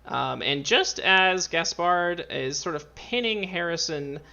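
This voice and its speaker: A man narrating as game master of an online tabletop game, with a bright, gravelly voice. He rambles through his descriptions and often stops to restart a sentence. His stream audio is a little dull and lo-fi. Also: a little high, lively intonation, slow pace. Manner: rambling, full of fillers and restarts.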